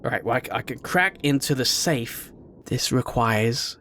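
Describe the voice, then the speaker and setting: A young man giving casual let's-play commentary on a game, rambling, excitable, sometimes shouting and swearing at what happens. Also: mid-range voice, brisk, slight background noise. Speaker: gaming video host.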